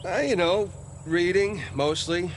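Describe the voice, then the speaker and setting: An actor playing a middle-aged ex-convict who rambles and jokes, in video game cutscene dialogue. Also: male voice, high voice, takes it slowly, slight background noise. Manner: rambling, jokey storyteller. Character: male ex-convict, chatty and joking.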